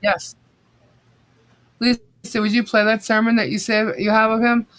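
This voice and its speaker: A woman's voice: fairly high pitch, little pitch movement, normal speed, a bit bright. Woman co-host for a casual live chat stream; blunt, rambling delivery with plenty of swearing. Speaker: co-host of a livestream. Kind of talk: casual livestream commentary.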